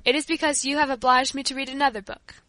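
A woman's voice: high-pitched, steady tone, fast talker, sharp tone, no echo. A woman voicing a middle-aged father who speaks earnestly, in a storybook reading. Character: stern but repentant father, middle-aged man.

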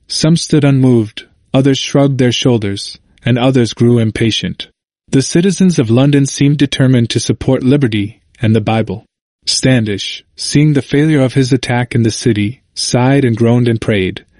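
Male audiobook narrator, mid pitch, measured history reading, dry close mic. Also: darkish tone, no echo.

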